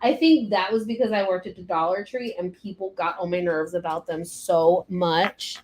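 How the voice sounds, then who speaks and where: Brief: young woman cake artist ranting on a live stream, cursing and animated. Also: mid-range voice, moderate pace, hardly any pauses, echoey room. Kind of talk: casual live stream chat.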